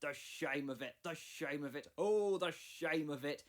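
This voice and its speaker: A man's voice: fairly high pitch, unhurried, natural voice. A man voicing a big, proud male engine who boasts and grumbles pompously. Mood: grumbling.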